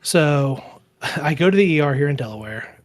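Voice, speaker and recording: A man around forty, co-hosting a relaxed podcast. He tells his story in a loose, rambling way, stops to correct himself, and briefly takes on the voices of people in his story. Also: on the high side, moderate pace. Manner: rambling, self-correcting storyteller who acts out quoted dialogue. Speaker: podcast co-host. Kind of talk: casual storytelling chat.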